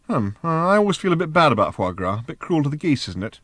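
A man voicing an anxious, bewildered middle-aged Englishman who talks in an excitable, flustered way. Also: quick pace, no echo. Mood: fretful. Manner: excitable, flustered, high and loud.

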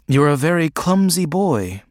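A man voicing a powerful, motherly woman with a deep, soft, musical voice, speaking tenderly and steadily in an audiobook. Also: big pitch swings, measured pace, dry recording, studio quality. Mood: gentle.

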